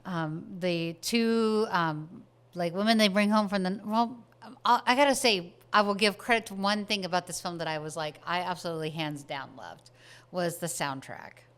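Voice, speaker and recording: A woman's voice: lowish voice, moderate pace, fairly bright tone, smooth. A woman co-hosting a podcast, chatting casually about a movie in an easygoing way, with many fillers and agreeing murmurs. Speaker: podcast co-host.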